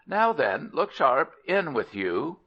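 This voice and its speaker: A man's voice: on the high side, big pitch swings, slow, voice pushed up, exaggerated voice. A man voicing a hungry, bad-tempered female fish who talks in an impatient, snappish way, on a dull lo-fi recording.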